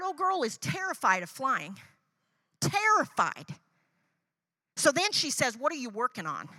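A woman's voice: a little high, sharp tone, no room sound. A woman preaching a sermon through personal stories, talking conversationally, checking in with "right?" and acting out the dialogue she quotes. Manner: conversational, tags lines with "right?".

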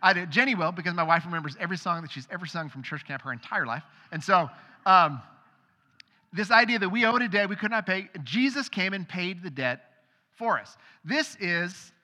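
A man's voice: sits high, animated, moderate pace, bright, forceful tone, in a large hall. A male pastor giving a sermon in a conversational way, acting out the voices of people in the stories he tells. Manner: conversational, acts out quoted voices.

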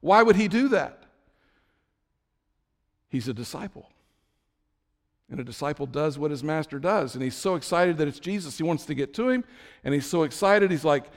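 A man with a fairly high voice preaches a sermon in a storytelling way. He swings from low, quiet asides up to high, excited bursts. His voice rings with the long reverb of a large hall. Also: normal speed, long pauses. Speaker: pastor.

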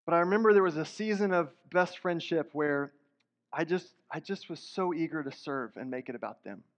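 A man's voice: on the high side, fairly quick. A man preaching a sermon as pastor, earnest and conversational, with rising emphatic bursts. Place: church sanctuary. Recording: dull sound in a hall with long reverb.

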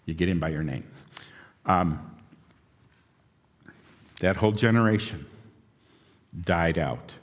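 A male pastor preaching a sermon in a relaxed, conversational storytelling manner, recorded in a church sanctuary. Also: deep voice, slow, long pauses. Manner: conversational storytelling, acts out quotes. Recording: long hall reverb.

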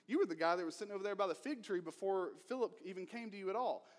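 A man's voice: sits high, lively intonation, rapid-fire, big-room sound, voice pushed up. A man doing a knowing, teasing teacher. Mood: playful. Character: knowing, playful male teacher.

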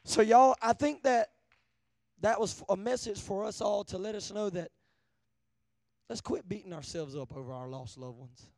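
A man preaching a sermon, asking the crowd for an amen, swinging from hushed to loud. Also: high-pitched, moderate pace, gravelly, pauses often, no echo. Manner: call-and-response, asking amen often; shifts between hushed and loud.

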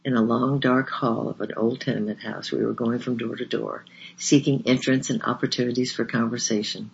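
A man reading a memoir aloud in a measured, earnest way, in a slightly dull lo-fi recording. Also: mid-range voice, level tone, creaky, slight background noise. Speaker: audiobook narrator.

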